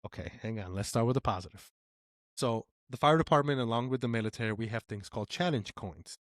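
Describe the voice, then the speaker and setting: A man co-hosting a podcast in casual chat, telling an excited story that rises in pitch when he gets animated. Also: fast, dry recording, studio quality. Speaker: podcast co-host.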